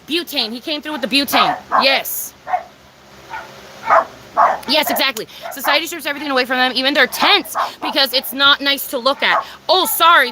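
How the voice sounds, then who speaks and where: A woman's voice: sits high, very noisy. A young woman talking casually from home during a livestream, emphatic and profane, answering her chat.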